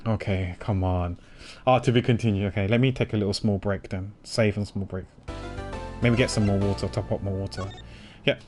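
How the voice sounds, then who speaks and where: A man's voice: on the low side, fairly even intonation, normal speed, darkish tone, faint music behind. A man streaming a video game, chatting casually, rambling and laughing often. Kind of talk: casual chat.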